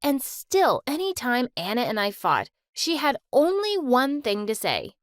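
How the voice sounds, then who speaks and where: A young woman tells a first-person story with plenty of expression. Her voice is high and swings widely, recorded dry and up close. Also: big pitch swings, unhurried, hardly any pauses, no echo. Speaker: narrator.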